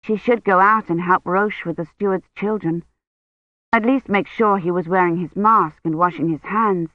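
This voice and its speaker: A woman reading a novel aloud as narrator in a calm, measured way. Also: lowish voice, dry recording. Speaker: audiobook narrator. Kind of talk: scripted narration. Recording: tinny phone-like line.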